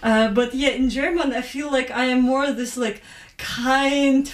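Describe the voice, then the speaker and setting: A woman's voice: high voice, steady tone, normal speed, distant mic. A young woman from Ukraine, a native Ukrainian speaker, chatting frankly and hesitantly with many fillers. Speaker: conversation participant. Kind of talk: casual chat. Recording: echoey, from further off the mic.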